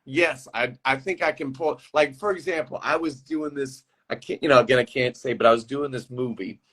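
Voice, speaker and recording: A man with a husky, slightly breathy voice, speaking at an ordinary pitch. He is a guest actor in a relaxed video-call interview. He spins rambling, animated stories and laughs easily along the way. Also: brisk. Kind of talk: casual interview chat.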